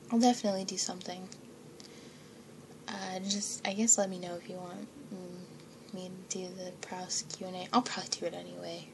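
A woman's voice: lowish voice, vocal fry, slight background noise. A young woman chatting casually to her listeners, rambling and giggly, often dropping to a whisper and swearing now and then. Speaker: audio creator.

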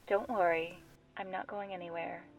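A woman voicing a calm female guide who explains things to the hero over the radio, in a matter-of-fact way. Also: on the low side, moderate pace, lightly acted. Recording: distant-sounding voice.

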